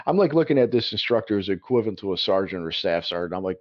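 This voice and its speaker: A man with a fairly low voice co-hosts a casual podcast, telling a story with animated asides and laughs. The audio is dull and lo-fi. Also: quick pace, hardly any pauses. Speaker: podcast co-host. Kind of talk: casual chat.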